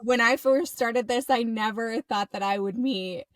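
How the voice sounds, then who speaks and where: A woman's voice: a little high, measured pace, no room sound. Enthusiastic American woman podcast host. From United States. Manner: warm, enthusiastic, effusive. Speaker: podcast host and recovery coach. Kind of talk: casual podcast conversation.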